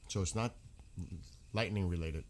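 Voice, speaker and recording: Slight background noise accompanies a low-pitched man speaking at a regular speed. With a New York accent, he hosts an easygoing skywatching stream outside at night in the dark countryside, talking with his audience and replying to each by name.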